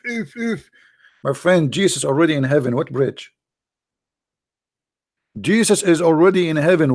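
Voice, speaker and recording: A man's voice: fairly high pitch, dry recording, clean studio sound. A man with an Arabic-accented English hosting a livestream, talking in a sarcastic, mocking casual commentary. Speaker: livestream host.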